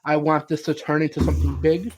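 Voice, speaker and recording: A young man chatting casually on a podcast, his voice sitting a bit high for a man. He rambles, circles back on himself and drops filler words and swears as he goes. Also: level tone, brisk, darkish tone, slight background noise. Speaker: podcast co-host. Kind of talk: casual chat.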